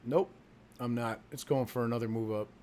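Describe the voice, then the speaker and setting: A man talking off the cuff on his own trading livestream. His voice sits at an ordinary pitch, and he swings between mumbled asides about his positions and loud, laughing bursts of profanity. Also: steady tone, fairly quick, slight background noise. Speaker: stock market livestream host. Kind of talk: casual trading livestream chat.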